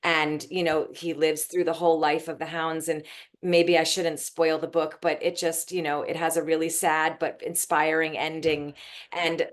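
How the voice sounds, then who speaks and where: A middle-aged woman with a notably low voice, chatting as a guest author. She tells stories loosely, circling back and restarting her sentences as she goes. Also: little pitch movement, moderate pace. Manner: rambling storyteller, restarts sentences. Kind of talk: casual interview chat.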